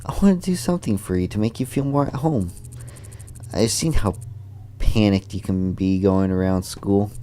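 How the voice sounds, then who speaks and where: A man's voice: fairly low pitch, moderate pace, mellow, slight background noise, natural voice. A man reading a cheerful schoolgirl friend. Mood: encouraging. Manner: upbeat, encouraging, read aloud from game text. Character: cheerful supportive young female schoolgirl friend. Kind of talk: reading visual novel dialogue.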